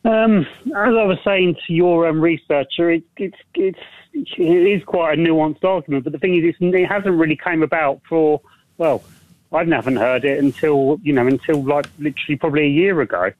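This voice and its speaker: A man from Wales phones in to a radio show, stumbling over his words and restarting his sentences. His voice is slightly high. It comes through a dry, tinny phone line. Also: no echo. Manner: halting, repeats words, fillers. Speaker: caller. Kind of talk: phone-in call. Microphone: telephone.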